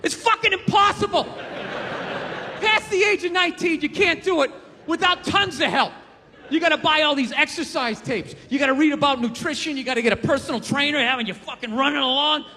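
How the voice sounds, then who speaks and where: Ranting stand-up comic with a high voice. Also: male voice, fairly quick. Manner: profane, ranting, acts out characters. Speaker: stand-up comedian. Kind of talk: stand-up comedy routine. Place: comedy club stage before a live audience. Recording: live club recording with loud crowd noise.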